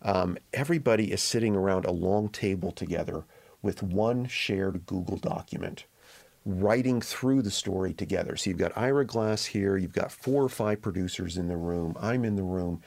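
A man, a print reporter and podcast guest, telling a story in relaxed conversational talk. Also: low voice, normal speed, creaky. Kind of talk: casual interview talk.

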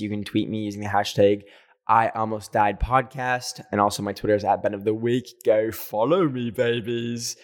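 A young man hosting a podcast, telling personal stories in a chatty, animated way, with lots of "like" and frequent laughs. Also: medium pitch. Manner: animated, heavy use of "like", laughs often. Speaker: podcast host. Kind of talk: casual storytelling monologue.

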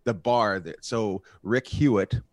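A man's voice: on the low side, takes it slowly, no room sound. A male guest comedian telling a road story in casual chat, profane and laughing as he goes.

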